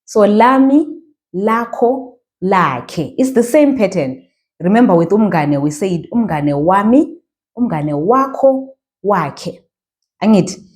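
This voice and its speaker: A woman's voice: medium pitch, lively intonation, slow pace, a little mellow. A woman with a Zimbabwean accent teaching a language lesson, patiently repeating phrases and checking in with her learners.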